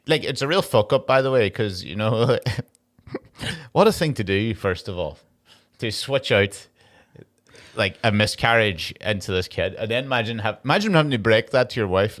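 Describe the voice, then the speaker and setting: A man co-hosting a comedy podcast, jokey and quick to laugh, acting out silly quotes. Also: fairly low pitch, expressive, a bit bright. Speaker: podcast co-host. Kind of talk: casual comedic chat.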